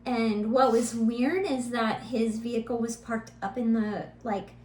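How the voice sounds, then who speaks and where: A middle-aged woman co-hosting a podcast, telling a family story in a lively, animated way and laughing now and then. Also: a little high, measured pace. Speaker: podcast co-host, mother. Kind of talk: casual storytelling chat. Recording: roomy echo, faint hum.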